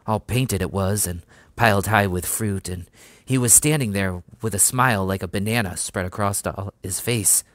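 A man voicing a soft-spoken young soldier lad. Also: lowish voice, normal speed, dry recording, natural voice. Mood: grieving. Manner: soft, gentle, talking fondly to a horse. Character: gentle young English farm lad soldier.

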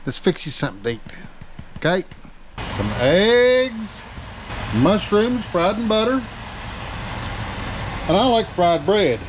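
A man's voice: high-pitched, big pitch swings, takes it slowly, pauses often, noisy background. Doting father coaxing a child. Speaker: vlogger, father. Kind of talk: casual family vlog. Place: at home.

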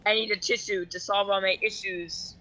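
Gamer, medium pitch, very bright tense voice, joking and teasing, muffled voice chat. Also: fairly even intonation, moderate pace. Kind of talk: casual gameplay chat.

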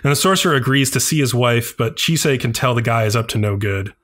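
A man's voice: mid-range voice, fast, fairly bright tone. Guy on a podcast rambling thru an anime recap, lots of likes, normal mid voice. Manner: loose, filler-heavy storytelling with many "like"s. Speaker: podcast co-host. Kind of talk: casual chat, recapping an anime episode.

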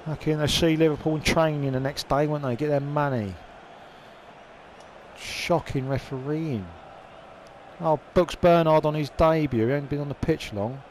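A man's voice: on the high side, moderate pace, slight background noise. A young man giving casual commentary over a football video game, swearing and grumbling at the play and the referee. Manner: swearing, frustrated, shouts at the referee. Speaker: gaming commentator.

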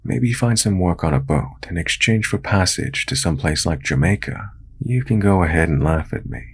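A man narrating a true horror story in a calm, measured storytelling manner. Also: low voice, slightly rough.

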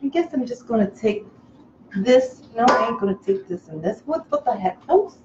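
High-pitched, gushing woman hosting a cooking show. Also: moderate pace. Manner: over-the-top excitable, squeals and gushes. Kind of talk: comic live cooking show. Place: home kitchen. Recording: echoey kitchen, slightly dull, faint hiss.

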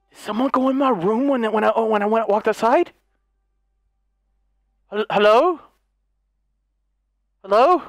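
A man narrating a horror game as he plays, jumpy and excitable, stammering and yelping when startled. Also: high voice, a little slow, pauses often, no room sound, studio quality. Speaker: gaming YouTuber. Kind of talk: horror game let's play commentary.

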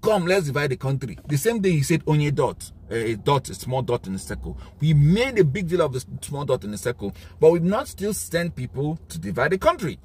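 A man with a Nigerian accent speaking in an impassioned monologue, emphatic and given to indignant outbursts, his voice worn and hoarse. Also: a little high, sing-song, a little fast, few pauses, a little mellow, a little hiss or hum. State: losing his voice. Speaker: commentator.

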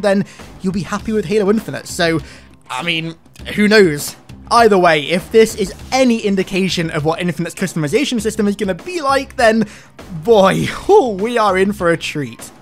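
A young man hosting a casual gaming news video, talking in an excitable, chatty way with lots of "like" fillers. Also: high voice.

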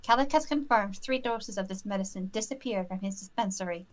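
Brief: woman voicing a stern, formal hunter who leads a trial in a visual novel, mid-pitched. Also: lightly acted. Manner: formal, measured, authoritative. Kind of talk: reading game dialogue aloud.

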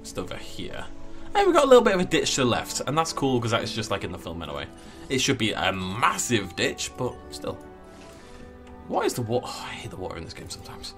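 Male let's player, casual, jokey, theatrical swings in pitch. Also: huge pitch swings, a little fast, a bit bright, faint music behind. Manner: playful, jokey, mock-dramatic. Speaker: gameplay commentator. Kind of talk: casual let's play commentary.

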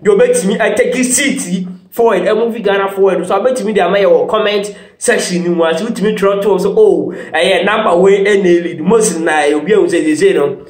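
A man giving casual political commentary, mixing Twi and English in an animated way. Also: sits high, a little fast, few pauses. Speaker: news commentator. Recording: roomy echo.

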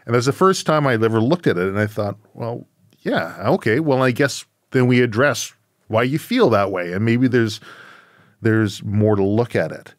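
A man hosting a podcast interview, reflecting in a measured way and thinking aloud. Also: mid-range voice, lively intonation, dry recording, studio quality. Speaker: podcast host. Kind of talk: conversational interview.

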